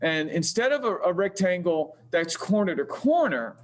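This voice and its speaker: A man with a somewhat high voice gives a screen-recorded tutorial in a classroom. He thinks aloud, hesitates often and corrects himself mid-sentence. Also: very animated, normal speed. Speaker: engineering teacher. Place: classroom with projector. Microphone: computer mic while demonstrating.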